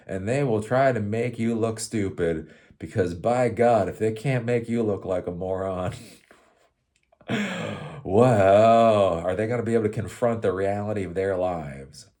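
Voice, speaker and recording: A man's voice: fairly low pitch, measured pace, dark tone. A man hosting his own show, talking in a casual, rambling monologue and laughing often. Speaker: show host.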